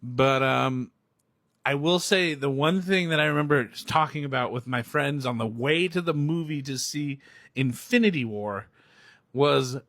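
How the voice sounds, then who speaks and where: Laughing often, a young guy goes off on a casual, rambling rant about a movie in his role as a reviewer. His voice is a little high. The self-filmed phone or camera recording has no echo and studio-quality sound.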